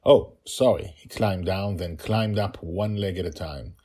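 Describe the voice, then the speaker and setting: A man, the author, reading his own story podcast with hurried, chatty asides. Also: sits low, a little mellow. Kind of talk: storybook narration with casual asides.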